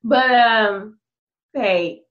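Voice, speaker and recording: A woman guest on a podcast, telling an explicit anecdote in a frank, lively, casual way. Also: fairly high pitch, very slow, muffled recording. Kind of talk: casual candid storytelling.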